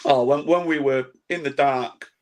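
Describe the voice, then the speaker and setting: Relaxed man reading listener comments. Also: mid-range voice, normal speed. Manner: relaxed, reads out listener comments with dry asides. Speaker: podcast host. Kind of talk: casual football chat.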